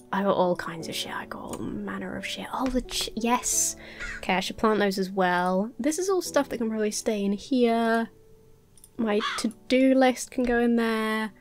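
A woman with a stuffy, nasal voice, chatting to herself as she plays a building and farming game. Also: medium pitch. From England. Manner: chatty, talks to herself while sorting items. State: nasal from a cold. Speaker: Minecraft let's player. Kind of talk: casual gameplay commentary.

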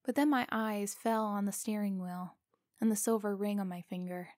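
A woman narrating a scripted first-person story in a slow, deliberate, suspenseful way. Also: medium pitch, darkish tone, dry recording, clean studio sound.

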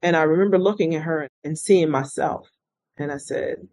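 A woman's voice: low-pitched, normal speed, no echo, poor audio. Earnest woman telling her story, dry sound. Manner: earnest, reflective, animated when quoting others. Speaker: interview guest, retired state police officer. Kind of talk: conversational storytelling.

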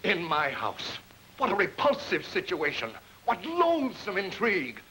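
An actor playing a pompous, flustered middle-aged judge in a 1940s film comedy. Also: male voice, high-pitched, wildly swooping pitch, measured pace, pushed and bright, slight background noise, full character voice, poor audio.

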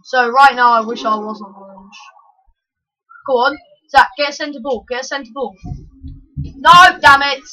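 A woman giving excitable live commentary over her own gameplay, yelling at the screen with quick self-mocking asides. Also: sits high, slight background noise, poor audio. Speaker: gaming channel host.

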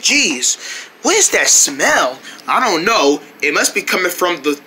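A performer acting out a playful comedy skit in several voices, excitable and shouting often, with quick, rambling talk. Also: mid-range voice, a little hiss or hum.

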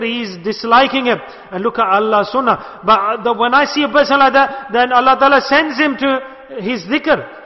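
A man with a high voice preaches a sermon, asking question after question and moving between hushed and loud passages. His voice rings through a large hall with a long echo. The recording sounds muffled and lo-fi. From United Kingdom. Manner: impassioned, rhetorical questions, shifts between soft and loud. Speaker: sheikh giving a religious talk.

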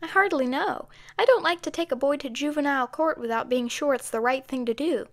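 An eager young woman detective speaks in a polite, well-spoken voice set fairly high. She sounds curious and keen, as a woman narrating an audiobook reads her. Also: fairly quick. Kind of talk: audiobook character voice.

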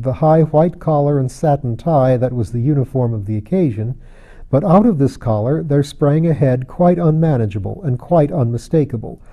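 Reading a classic novel aloud as an audiobook narrator, a man speaks at a medium pitch with a measured, steady storytelling delivery.

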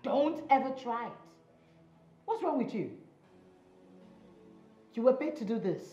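A woman's voice: fairly high pitch, sing-song, measured pace, warm tone. An actress with a Nigerian accent playing a cold, dismissive young woman who gives orders. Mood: scornful. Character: haughty young woman, scornful fiancée. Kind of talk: film drama acting. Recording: echoey, dull sound with music.

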